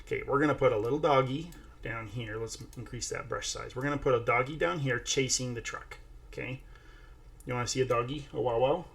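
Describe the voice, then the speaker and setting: Casual tutorial host, male, mid pitch, gravelly texture, chatty. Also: brisk, fairly bright tone. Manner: chatty, narrating each step while talking to a toddler. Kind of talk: casual screen-share tutorial.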